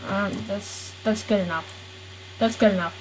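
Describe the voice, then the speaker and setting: A woman's voice: medium pitch, fairly even intonation, normal speed, slight background noise, low-quality recording. A woman improvising a silly story, rambling and giggling, and often stopping to correct herself.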